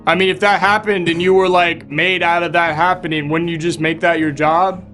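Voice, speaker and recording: A man's voice: fairly high pitch, little pitch movement, normal speed, pushed and bright, soft background music. A man playing a cocky street-hustler defendant. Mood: defensive. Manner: laid-back, defensive, slangy. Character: male defendant born from a celebrity collision, cocky street hustler. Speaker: improv performer. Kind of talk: improvised comedy role-play.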